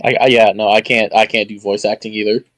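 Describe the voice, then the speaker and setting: A man's voice: fairly low pitch, level tone, fast talker, fairly bright tone, no room sound. A man chatting casually on a game stream with a dry, teasing manner.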